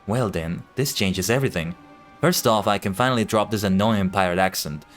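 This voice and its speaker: A man's voice: lowish voice, brisk, faint music behind, lightly acted. A man voicing a scheming female pirate bandit captain, reading her game lines with a menacing put-on pirate accent. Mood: sneering.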